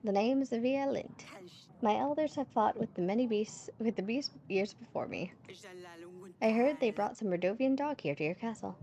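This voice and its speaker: A woman voicing a blunt, vengeful warrior chieftain in a game, with a put-on drawling accent and a slow, menacing delivery. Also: on the high side, expressive, dark tone, pitched above the performer's own voice. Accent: rough put-on drawl.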